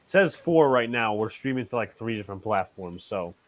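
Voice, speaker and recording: A man's voice: on the low side, fairly quick, no room sound. A man hosting a casual livestream, joking with friends between play-by-play calls on a football game. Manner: joking, relaxed. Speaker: host and play-by-play caller.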